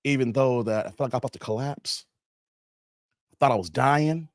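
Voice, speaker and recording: A man from Chicago hosting a casual livestream, telling a story with animated acted-out voices and talking straight to his viewers. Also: medium pitch, brisk, no room sound, studio quality. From Chicago, USA. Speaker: livestream host.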